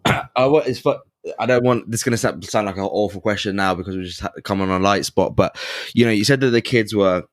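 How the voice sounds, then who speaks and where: A man hosting a podcast asks earnest, careful questions, stumbling over his words now and then. His voice is fairly low. The recording is close and dry. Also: fast talker, no echo. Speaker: podcast host. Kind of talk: interview questions in casual chat.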